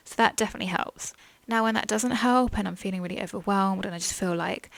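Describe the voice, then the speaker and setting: A young woman speaks at a rapid clip with a gravelly edge of vocal fry. She rambles frankly through her own struggles, peppering her talk with likes and ums. The sound is close and dry, with no room around her. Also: fairly low pitch, no echo. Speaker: podcast host. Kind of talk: candid personal chat about mental health.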